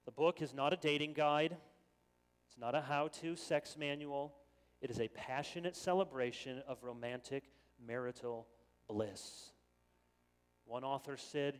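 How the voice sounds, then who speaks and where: A middle-aged male pastor delivering a sermon with earnest, animated energy. His voice sits at an ordinary pitch and rings out with the long reverb of a church hall. He sometimes stumbles into quick repeated restarts as he presses his point. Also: clear, resonant tone.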